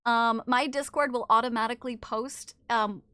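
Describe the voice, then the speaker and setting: A woman's voice: fairly high pitch, fairly even intonation, moderate pace, pushed and bright, smooth, no echo. A woman streamer chatting casually with her viewers, reading their messages aloud, playful and teasing and swearing freely.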